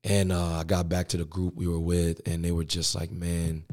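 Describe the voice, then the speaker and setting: Deep-voiced young pastor telling stories. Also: male voice, normal speed. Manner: slangy, animated storyteller. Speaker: pastor and podcast guest. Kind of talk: storytelling interview.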